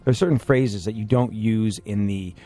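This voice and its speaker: A man's voice: lowish voice, normal speed, mellow, soft background music. A man from England hosting a radio show, talking in a mostly American accent with faint English traces, chatty and laughing often. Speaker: radio host. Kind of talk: casual radio chat. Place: radio studio.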